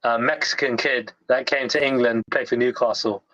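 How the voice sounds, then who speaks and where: Excitable, sweary man on a dull line. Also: medium pitch, normal speed, no room sound. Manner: enthusiastic, sweary, laughs easily. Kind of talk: casual chat. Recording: dull lo-fi sound.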